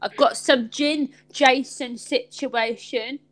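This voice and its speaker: A woman's voice: high-pitched, fairly even intonation, slow pace, a bit bright, low-quality recording. A woman hosting a live stream chat, rambling in an upbeat, sweary way.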